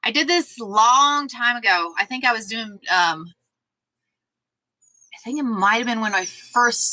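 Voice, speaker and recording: A woman's voice: medium pitch, bright, forceful tone, a little hiss or hum, poor audio. A woman hosting a casual sewing livestream, chatting with viewers by name and talking to her dog between steps.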